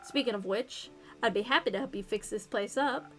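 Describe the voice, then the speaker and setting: A woman's voice: mid-range voice, a little fast, close to an everyday voice. A woman voicing a blunt, flippant mercenary-for-hire in a game, over faint game music. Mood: offhand.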